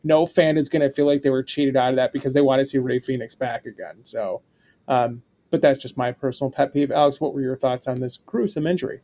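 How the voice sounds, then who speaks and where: A young adult man co-hosting a podcast, chatting casually and telling animated, profane stories. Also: medium pitch, brisk. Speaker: podcast co-host.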